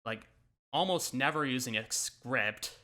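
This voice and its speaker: A man's voice: medium pitch, measured pace, pushed and bright. A man YouTuber reacting to his own old videos in casual, self-mocking commentary, laughing often and swearing.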